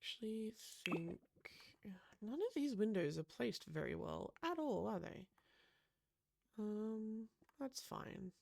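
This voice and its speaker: A woman's voice: mid-range voice, huge pitch swings, measured pace, vocal fry, a little mellow, slight background noise. A woman chatting casually with lots of gasps and "um"s as she builds a room in a life-sim game. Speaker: Sims builder. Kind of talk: casual gameplay commentary.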